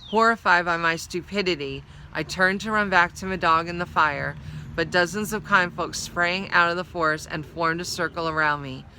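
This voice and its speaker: A woman reading a children's novel aloud, telling the story in a measured, expressive first-person voice. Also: lowish voice, a little hiss or hum, rough recording. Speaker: storybook reader.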